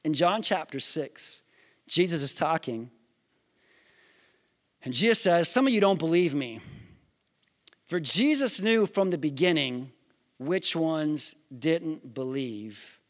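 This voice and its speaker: A man's voice: fairly high pitch, lively intonation, slow, long pauses, fairly bright tone. A man preaching a sermon in a conversational way, asking the listeners questions and acting out scripture scenes. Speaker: pastor.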